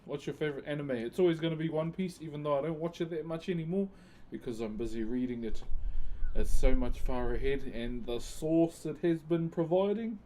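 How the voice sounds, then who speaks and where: A man's voice: on the high side, brisk, mellow. A man chatting casually on a live stream, thanking viewers by name and using Maori words. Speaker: live streamer and wood carver.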